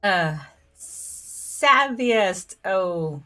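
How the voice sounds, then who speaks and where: A woman's voice: lowish voice, animated, unhurried, long pauses, bright, forceful tone, soft background music. A woman streaming a story game, reading its dialogue aloud in a chatty, giggly way, filling her talk with "like". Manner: giggly, chatty, fills speech with "like".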